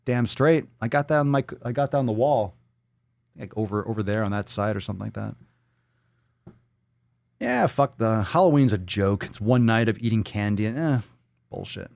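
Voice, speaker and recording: A man's voice: mid-range voice, creaky, dry recording. A man hosting a live stream, ranting profanely and mocking what he reads aloud. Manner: hypes the audience with shouted calls. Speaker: show host.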